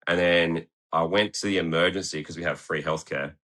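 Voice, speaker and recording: Deep, bright-toned Australian man. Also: fairly even intonation, brisk. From Tasmania, Australia. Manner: laid-back, swears often, laughs through his story. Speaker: guest skateboarder. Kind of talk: casual interview storytelling. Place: podcast studio.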